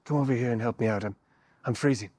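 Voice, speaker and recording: A man playing a wounded trench soldier. His husky voice sounds close and dry, gruff and pressing. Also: medium pitch, quick pace, darkish tone, no room sound, natural voice. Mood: urgent.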